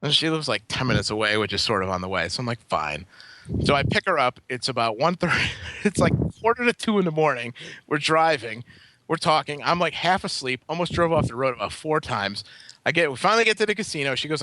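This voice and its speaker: A man's voice: a little high, expressive, fairly quick, sharp tone, slight background noise. A man co-hosting a podcast, telling a long, rambling anecdote in casual, profane chat. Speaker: podcast co-host. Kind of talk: casual storytelling.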